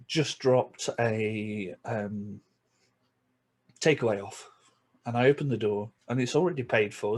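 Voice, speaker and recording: Talking to camera in a relaxed vlog, a man from England with a Yorkshire accent laughs between comments and darts into brief asides. His voice sits at a medium pitch.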